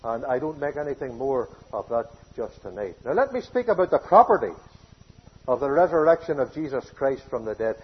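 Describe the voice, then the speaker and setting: A man preaching a sermon, emphatic, with loud declarations that drop to hushed phrases. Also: medium pitch, very animated, a little fast, slightly rough. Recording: dull lo-fi sermon recording.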